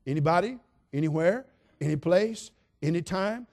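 A male pastor delivering an emphatic, repetitive sermon, dropping soft and then building loud. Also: sits high, lively intonation, normal speed.

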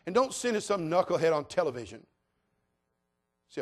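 A man preaching a sermon as pastor, folksy and full of jokes, swinging between loud declarations and hushed asides. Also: on the high side, very animated, moderate pace.

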